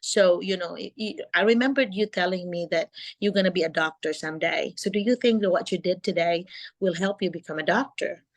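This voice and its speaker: A middle-aged woman hosts a video call and gives calm, encouraging advice to teachers. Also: fairly low pitch, brisk. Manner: calm, encouraging, acts out classroom talk. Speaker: host and teacher coach.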